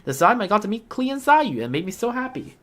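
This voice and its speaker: A woman's voice: medium pitch, very animated, fast talker, a little hiss or hum. Sweet young girl character. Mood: cheerful. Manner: bright, earnest storytelling. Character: cheerful young girl traveler, earnest and sweet. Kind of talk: game character voice line.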